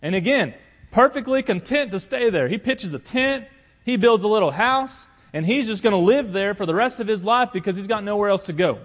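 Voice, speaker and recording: A male pastor preaching a sermon, swinging between loud emphatic appeals and quiet asides. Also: sits high, animated, normal speed.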